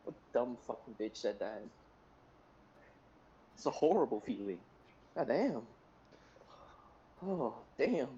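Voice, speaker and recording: A man's voice: medium pitch, sing-song, slow pace, long pauses, warm tone, dull audio, a little hiss or hum. A man playing a tabletop game, ranting with raw emotion and heavy swearing in casual chat.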